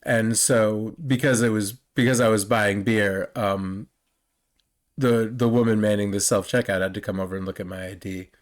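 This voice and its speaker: A man's voice: fairly low pitch, steady tone, moderate pace. A man in his forties co-hosting a podcast, chatting in a wry, amused way. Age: 40s. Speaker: podcast co-host. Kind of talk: casual chat.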